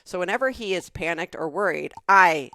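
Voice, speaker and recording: Lower-voiced Southern woman telling an anecdote. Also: normal speed, dry recording. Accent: Southern American. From American South. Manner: animated storyteller, building up anecdotes. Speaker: podcast co-host. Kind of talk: casual comedic chat.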